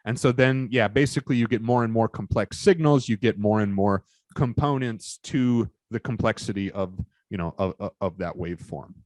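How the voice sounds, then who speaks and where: A man giving a recorded lecture, explaining in a halting way with many fillers and restarts. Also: lowish voice, a little mellow, no room sound.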